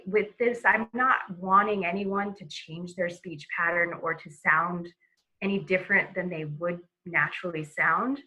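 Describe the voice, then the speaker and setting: Bright-voiced woman teaching a webinar. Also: fairly low pitch, poor audio. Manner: conversational, with many fillers and restarts. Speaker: presenter. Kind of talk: webinar lesson.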